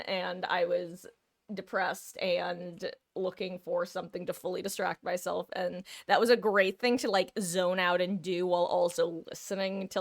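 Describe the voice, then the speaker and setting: A woman streamer chatting casually while she games. Her voice sits fairly low. It is recorded dry and close, with no room echo. She laughs easily and answers her chat as she goes. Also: creaky, fairly bright tone. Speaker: live streamer.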